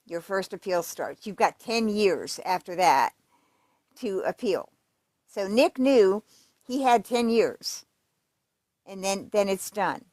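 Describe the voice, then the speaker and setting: A woman's voice: medium pitch, expressive, slow, long pauses, darkish tone, no room sound, clean studio sound. A woman giving casual true crime commentary, reading letters aloud in a conversational, emphatic way with fillers and restarts.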